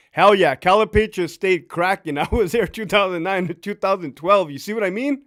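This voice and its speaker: He speaks in a high voice at a moderate pace. A fifties-aged ex-prison officer, he spins crude, laughter-filled yarns on a laid-back stream with lively, animated delivery.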